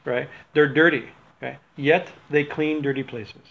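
Rambling spiritual teacher, fairly high voice. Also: male voice, steady tone, measured pace, creaky. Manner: rambling, keeps asking "right?". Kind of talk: informal religious talk. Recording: dull lo-fi recording.

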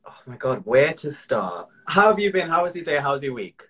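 A man hosting a podcast, reading an upbeat intro and then chatting in a lively, teasing way. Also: a little high, brisk, husky. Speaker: podcast host. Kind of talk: scripted intro then casual chat.

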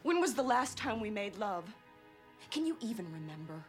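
A woman's voice: medium pitch, very animated, normal speed, faint music behind, natural voice. An actress playing a restless young wife in a TV drama, bitter and cutting as she leaves her husband. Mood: scornful. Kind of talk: TV drama acting.

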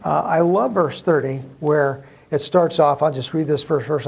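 A man preaching in a church room, his voice gravelly and a little husky. He speaks in a loose, conversational way, often restarting his sentences. His pitch sits somewhat high for a man. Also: moderate pace, hardly any pauses, a little mellow, low-quality recording. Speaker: pastor. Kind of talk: sermon.

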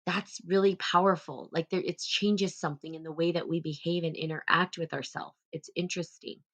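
A woman hosting a live stream, talking casually about self-love in a gentle, rambling way. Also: lowish voice, steady tone, fairly quick. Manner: rambling, gentle, many "like" fillers. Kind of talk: casual spiritual self-help talk.

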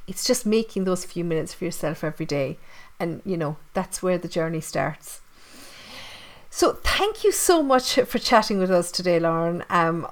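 A woman with a Tipperary Irish accent who hosts a podcast and chats casually and warmly with her guest. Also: lowish voice. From Ireland. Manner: chatty and friendly, frequent fillers. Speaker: podcast host. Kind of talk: casual interview chat.

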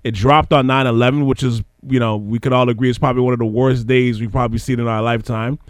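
A man hosting a relaxed hip hop chat, his voice close and dry with almost no room sound. He talks loosely, with plenty of fillers and restarts, steering the conversation along. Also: mid-range voice, fast, smooth, dry recording. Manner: conversational, many fillers and restarts, leads discussion. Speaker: podcast host. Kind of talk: casual chat.

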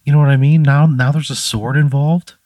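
A man's voice: on the high side, steady tone, brisk, a little mellow, dry recording. A man playing a tabletop game, incredulous and sarcastic, swearing as he refuses. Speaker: player. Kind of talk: casual banter in a tabletop game.

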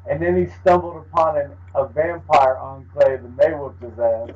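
A man with a husky, slightly raised voice trades jokes in loose podcast chat. The audio is dull and lo-fi. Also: fairly high pitch, steady tone. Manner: wry, joking, quick to riff. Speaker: podcast co-host. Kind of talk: casual chat.

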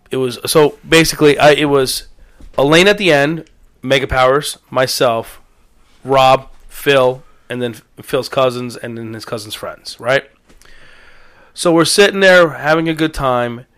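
A man's voice: mid-range voice, a little slow, fairly bright tone. A man co-hosting a casual chat, adding details and swearing casually. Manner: casual, profane, chiming in. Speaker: podcast co-host.

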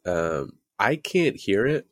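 Low, dry-sounding Canadian man. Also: big pitch swings, takes it slowly, no echo. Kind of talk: casual comedic chat.

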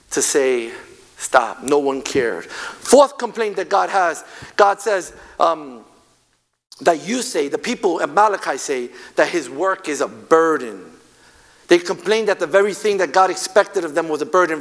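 A man preaching a passionate sermon as pastor, swinging from loud declarations to hushed, quiet passages. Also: high-pitched.

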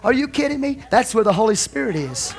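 Male pastor, middle-aged, high-pitched, fervent sermon delivery with hammered repetition. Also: sing-song, fairly quick, a crowd in the background. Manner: fervent, emphatic preaching with repeated phrases.

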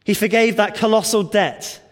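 Male preacher, high-pitched voice, expository sermon with rhetorical questions, hall reverb. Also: moderate pace.

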